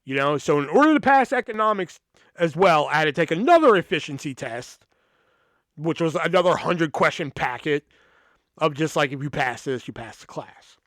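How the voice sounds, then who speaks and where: Young male podcast host, casual profane storyteller, lively pitch, dry sound. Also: normal speed, dry recording. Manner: profane, animated, acts out quoted exchanges.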